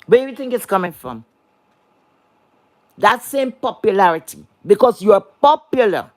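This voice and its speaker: A heated monologue from an online commentator, delivered in a medium-pitched, expressive voice at a slightly slow pace. The rant is blunt and profane, repeating words for emphasis and speaking directly to viewers through rhetorical questions. The studio-quality recording has no room sound.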